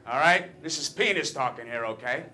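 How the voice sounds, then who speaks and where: A man's voice: medium pitch, animated, moderate pace, bright, forceful tone, pitched below the performer's own voice. A man playing a brash wisecracking talking penis. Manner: cocky stand-up patter, teasing the audience. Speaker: stage performer. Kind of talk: stage comedy monologue.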